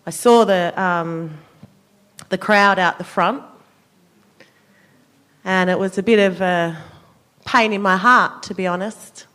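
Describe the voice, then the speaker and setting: An Australian woman, a senator, giving an impassioned political speech at a forum, measured and emphatic with a cutting, sarcastic edge. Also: medium pitch, a bit bright. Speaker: senator speaking at a public forum.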